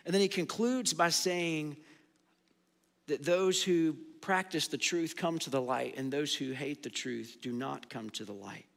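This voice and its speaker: A man gives a sermon in a high, bright voice, walking listeners through a Bible passage. He keeps tossing questions to the audience and answering them himself. The sound carries a long hall reverb. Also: measured pace, gravelly. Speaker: pastor.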